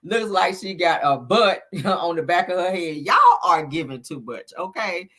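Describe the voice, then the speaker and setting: Sassy woman host, reading gossip to a live chat, bright edgy tone, lowish voice. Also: normal speed. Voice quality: sassy, chatty, peppered with honey and child. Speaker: celebrity gossip livestream host.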